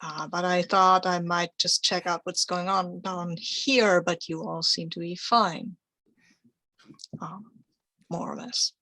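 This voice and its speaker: A woman plays a tabletop role-playing game, rambling and hesitating as she explains things in character. Her voice is fairly low and gravelly, and the sound is dry and close. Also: steady tone, slow, pushed and bright, dry recording. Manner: rambling, hesitant, full of fillers. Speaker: player. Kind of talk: casual in-character play.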